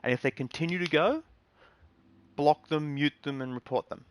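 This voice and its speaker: A man's voice: a little high, moderate pace, clear, resonant tone, dry recording. Rambling, earnest male streamer, dry sound. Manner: rambling, earnest advice with many ums and restarts. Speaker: game streamer. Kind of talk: casual live-stream talk.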